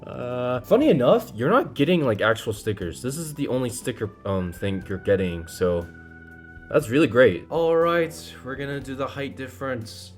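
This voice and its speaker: A man casually reviewing a model kit, playful and self-deprecating, with frequent excited exclamations. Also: mid-range voice, normal speed, faint music behind. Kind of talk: casual hands-on product review.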